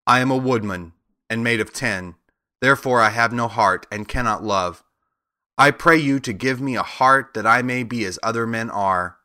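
A man's voice: medium pitch, normal speed, pushed and bright, no room sound, clean studio sound. A man reading the lines of an earnest, polite male woodman made of tin, who pleads for what he wants.

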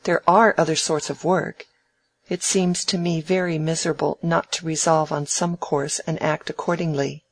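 Reader doing a proud sharp young woman, crisp and teasing, bit gravelly, middle pitch. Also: level tone, moderate pace, lightly acted. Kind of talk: audiobook dialogue reading.

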